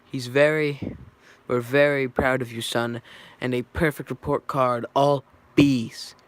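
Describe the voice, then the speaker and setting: A proud middle-aged bee father, as a man reads him, hearty and a little louder than plain speech. The voice stays close to an ordinary man's range. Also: mid-range voice, steady tone, slow pace, close to an everyday voice.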